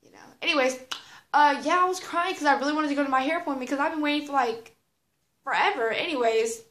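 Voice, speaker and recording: A teenage girl with a slightly high voice tells a loose, rambling story full of fillers, slang and the odd curse word. Her voice bounces off a roomy, echoey space. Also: fast, a bit bright. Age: teens. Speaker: vlogger. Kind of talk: casual storytime monologue. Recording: roomy echo.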